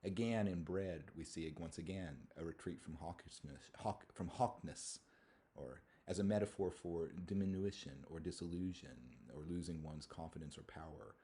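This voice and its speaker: A male university lecturer giving a thoughtful academic talk on poetry, often pausing and restarting his phrases. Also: sits low, warm tone. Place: lecture hall.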